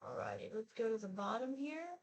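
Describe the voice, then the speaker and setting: A woman's voice: fairly high pitch, lively intonation. A woman in her sixties chatting casually while she applies her makeup for a get-ready-with-me video. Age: 60s. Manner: slow, chatty, talks while applying makeup. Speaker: beauty vlogger.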